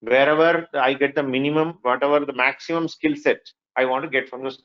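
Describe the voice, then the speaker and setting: A man with an Indian English accent giving a lively classroom lecture, often asking the students "right?" and whether they agree. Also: medium pitch, brisk, highs cut off. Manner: lively, mixes in Hindi phrases. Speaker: workshop instructor.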